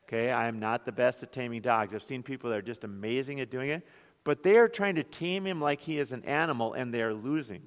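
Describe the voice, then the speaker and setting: A man's voice: mid-range voice, fast talker. A man, a pastor, preaching an earnest sermon full of rhetorical questions. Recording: long hall reverb.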